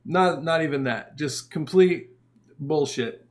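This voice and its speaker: A man with a slightly raised pitch tells a rowdy story in casual podcast chat. He swears freely and laughs along the way. His delivery is animated and loose. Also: slow. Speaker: podcast co-host, punk musician.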